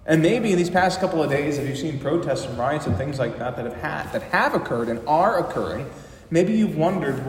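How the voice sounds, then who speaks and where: A man's voice: a little high, expressive, distant mic. Man preaching in an echoey hall. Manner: impassioned preaching, slowing for emphasis and rising in volume. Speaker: pastor. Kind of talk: sermon. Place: church sanctuary.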